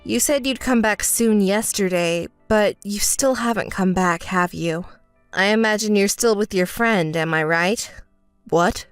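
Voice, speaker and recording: A woman's voice: mid-range voice, measured pace, clear, resonant tone, no echo, faint music behind, voice pushed down, natural voice. A woman voicing a hurt, indignant young bride in a text story, scolding and sarcastic. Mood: cold.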